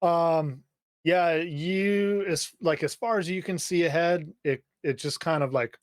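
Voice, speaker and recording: A man's voice: a little high, measured pace, dry recording, clean studio sound. A man running a tabletop game as game master, hesitating and searching for words as he narrates.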